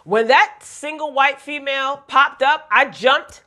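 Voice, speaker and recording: A woman's voice: sits high, a little slow, pushed and bright. Woman vlogger, chatty and opinionated, exasperated recap of a TV show, conversational. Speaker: TV episode reviewer. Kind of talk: casual recap commentary.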